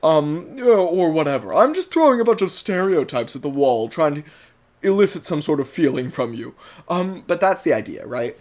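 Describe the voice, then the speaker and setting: Rambling British man, fairly high voice. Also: big pitch swings, normal speed, darkish tone. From Britain. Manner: rambling, analytical. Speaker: commentator. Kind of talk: casual spoken commentary.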